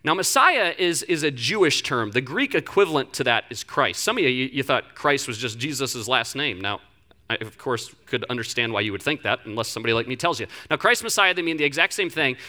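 A pastor preaching in a loose, conversational way, acting out Bible scenes with humor. The voice swings widely in pitch and has a bright, forceful ring. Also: animated, brisk. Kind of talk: sermon.

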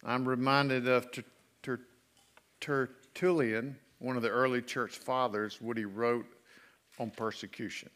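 A middle-aged male pastor preaching a sermon, folksy and animated as he tells stories. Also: mid-range voice, a little slow. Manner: folksy storytelling with animated asides.

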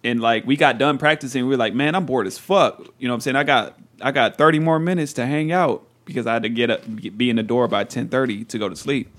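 A man's voice: mid-range voice, fast talker, few pauses, a bit bright. A young man, telling loose, profane stories in a casual podcast chat. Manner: loose, profane storytelling with laughs.

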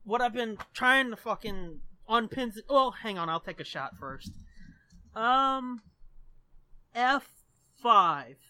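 A podcast co-host with a bright, forward tone, recorded close and dry. The talk is loose and profane, full of joking mock outrage. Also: medium pitch, expressive, takes it slowly, pauses often, no room sound. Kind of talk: casual podcast banter.

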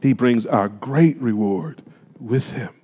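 Speaking slowly, this pastor has a warm, medium-pitched voice with a breathy edge. His sermon is emphatic and colloquial, full of rhetorical questions aimed at the congregation. A long hall reverb hangs over the audio.

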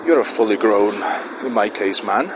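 A man's voice: fairly low pitch, moderate pace. A middle-aged man musing aloud in a rambling, self-questioning solo monologue, recorded outside in the wind. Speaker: podcast host. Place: outdoors in the wind.

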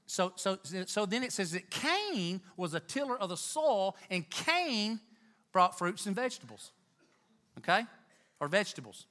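A man preaching a sermon in church, talking to the congregation with emphatic, animated delivery and Southern turns of phrase. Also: high voice, measured pace. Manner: animated, emphatic, rising to near-shouts.

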